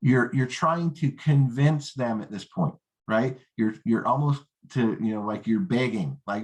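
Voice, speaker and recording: Teaching a network marketing lesson at normal speed with lively intonation, this man sounds confident. He keeps checking in with "right?" and "okay?" and voices rookie and prospect lines in a higher register as part of his coaching.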